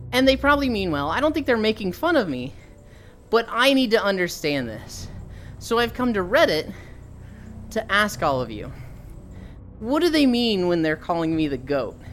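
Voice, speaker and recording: A woman's voice: medium pitch, a little hiss or hum, voice pushed up, natural voice. A woman voicing a bewildered male math teacher who earnestly asks for help. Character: puzzled middle-aged male math teacher.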